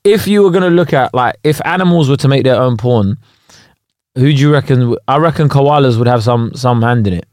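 A man's voice: mid-range voice, fairly quick, a little mellow, no echo. A man co-hosting a podcast, joking and riffing in casual chat with lots of fillers. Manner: playful, riffing, full of fillers. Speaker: podcast co-host.

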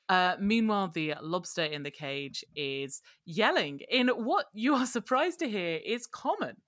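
A woman's voice: on the low side, sing-song, measured pace, few pauses, fairly bright tone, dry recording, faint music behind. A woman narrating a tabletop game as game master, chatty, with many fillers.

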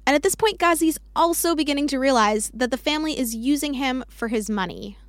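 A woman host giving calm, matter-of-fact narration between parts of a story. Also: high-pitched, a little fast, no echo, studio quality. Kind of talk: scripted narration.

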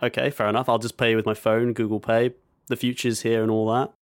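A man's voice: medium pitch, flat delivery, brisk, no echo, studio quality. A man co-hosting a podcast, telling a story in an exasperated way and stumbling over repeated words. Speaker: podcast co-host.

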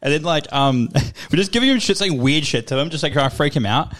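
A man's voice: on the high side, animated, a bit bright. A man in his twenties chatting casually on a podcast, telling stories with laughter and swearing. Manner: fast, laughing, swearing storyteller. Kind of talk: casual chat.

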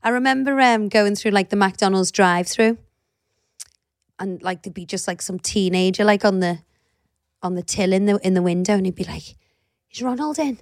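A woman's voice: moderate pace, no echo, clean studio sound. A woman, co-hosting a casual podcast chat and acting out family stories. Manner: animated storyteller, acts out high squealing quotes. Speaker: podcast co-host.

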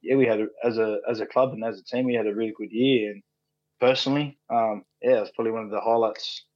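A man's voice: fairly low pitch, fairly even intonation, fast talker, no room sound. Laid-back Australian man, dull dry sound. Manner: laid-back, frequent fillers and restarts, swears freely. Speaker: podcast guest, rugby league player. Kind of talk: casual chat, storytelling.

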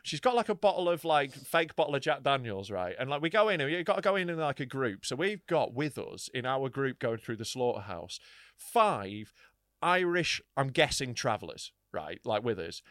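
A man's voice: medium pitch, sing-song, moderate pace, fairly bright tone, no room sound, studio quality. A young man telling a story in casual podcast chat. He swears freely and acts out the people he describes. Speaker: podcast co-host.

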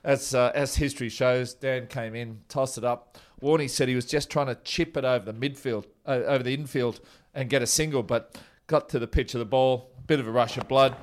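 A man's voice: mid-range voice, fairly even intonation, fairly quick, few pauses. A man, a former cricketer who tells rambling, chuckling stories about an old teammate in a casual interview.

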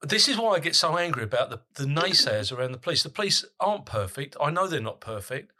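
A man's voice: a little high, very animated, fast talker, sharp tone. A man interviewing a guest, speaking in an impassioned, emphatic way and often repeating himself. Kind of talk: podcast interview.

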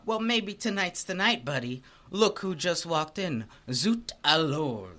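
A sleazy, pushy buddy character, as a man puts him on for a comedic script read-through. The voice sits high and bright, breathy and sing-song, with a goofy put-on accent. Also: animated, measured pace. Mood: sleazy teasing.

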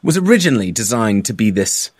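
A man being interviewed on a podcast as a founder, talking in a relaxed conversational way and often asking "right?". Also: lowish voice, quick pace, no room sound, clean studio sound. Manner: relaxed, conversational, many fillers and rhetorical "right?". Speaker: podcast guest, founder of a sobriety program. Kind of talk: casual interview.

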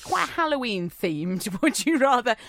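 A woman's voice: a little high, very animated, a little slow, fairly bright tone, no room sound. A young woman co-hosting a podcast, giggly and easily amused, reading quirky news stories aloud. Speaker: podcast co-host. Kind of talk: casual comedic chat.

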